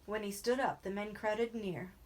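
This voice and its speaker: A woman reading a novel aloud in a steady, even narrating voice. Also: medium pitch, normal speed. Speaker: reader.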